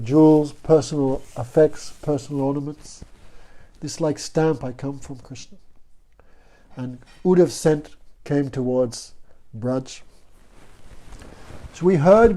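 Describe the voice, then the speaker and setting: A man's voice: on the high side, dark tone. A man teaching a devotional class in a storytelling way, often asking his listeners "no?". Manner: storytelling, asks the audience "no?" often. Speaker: spiritual teacher.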